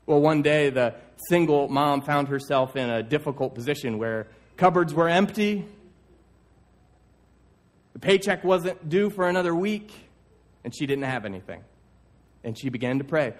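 A man's voice: a little high, animated, moderate pace. A man preaching a sermon, telling stories and acting out voices in an earnest, encouraging way. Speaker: pastor.

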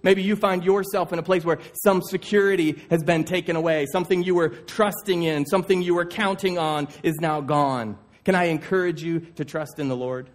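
A man's voice: fairly high pitch, steady tone, brisk, hardly any pauses. A man preaching a sermon, telling stories and acting out voices in an earnest, encouraging way. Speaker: pastor.

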